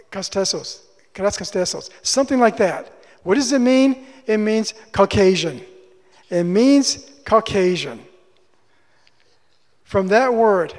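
A male preacher giving a sermon, teaching through rhetorical questions and repeating his key phrases. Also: sits high. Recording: long hall reverb.

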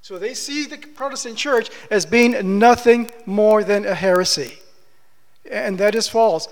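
Impassioned high-voiced male preacher in a hall. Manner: impassioned, rises to emphatic declarations. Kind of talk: expository sermon. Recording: long hall reverb.

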